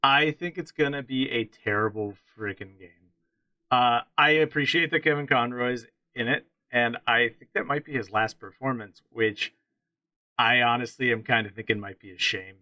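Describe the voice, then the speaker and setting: The speaker is a podcast co-host from central Pennsylvania, casually discussing games with strong views and many restarts. His tone is sharp, his pitch medium, and his speed normal, in a low-quality recording without echo.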